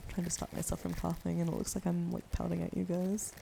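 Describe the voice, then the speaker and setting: A woman in her forties hosts a whispered role-play stream, her hushed voice carrying a gravelly fry. She teases her chat softly between giggles and a lingering cough. A steady hiss of noise sits under the home mic. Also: fairly low pitch, fast, rough recording. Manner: soft whispering, giggly, flirty teasing toward chat.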